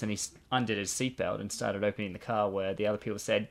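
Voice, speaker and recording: A man's voice: lowish voice, fairly even intonation, brisk, hardly any pauses. A young Australian man chatting casually on a podcast, telling a personal story with frequent restarts and fillers. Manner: conversational storytelling with many restarts. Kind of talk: casual chat. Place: Brisbane.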